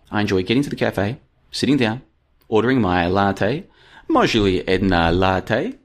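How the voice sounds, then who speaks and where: A man hosting a live-stream podcast, talking casually and reading chat, with an animated, rhetorical way of speaking. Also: fairly low pitch. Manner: chatty, animated, rhetorical questions.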